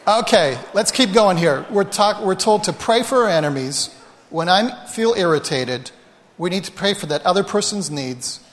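A man's voice: on the high side, a bit bright. Chatty male pastor in a reverberant hall. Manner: conversational, self-deprecating, addresses the congregation directly. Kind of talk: sermon with personal stories.

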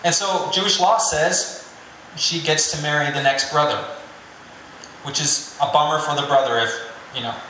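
A man's voice: on the high side, fairly even intonation, normal speed, bright, forceful tone, slight background noise. A man preaching a sermon in a conversational, joking way. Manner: conversational and joking, with filler "you know". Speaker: pastor. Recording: very echoey room.

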